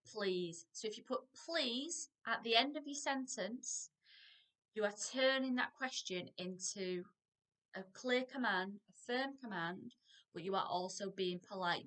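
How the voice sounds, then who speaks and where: A woman teaching a parenting lesson, lively and playful, acting out what parents and children say. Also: medium pitch, unhurried. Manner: animated, acts out parent and child lines. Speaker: parenting practitioner.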